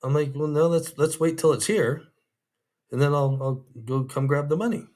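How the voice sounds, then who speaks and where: A man's voice: fairly high pitch, normal speed. A man telling a story from his undercover days in an interview, quoting what others said. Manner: animated retelling, quoting others in raised voices.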